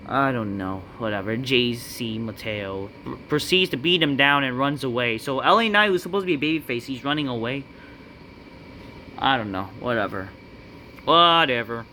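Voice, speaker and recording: A man's voice: a little high, sharp tone, a little hiss or hum. A man ranting in a profane, dismissive way while reviewing a wrestling show.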